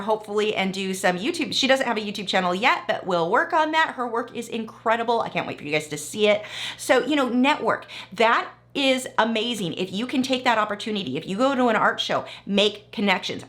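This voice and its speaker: A woman artist speaks straight to her viewers in a relaxed vlog, her voice sitting at an ordinary middle pitch. She talks in a chatty, animated way, circling back with asides and restarts as she gives advice. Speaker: artist vlogger. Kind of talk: casual talking-head vlog advice.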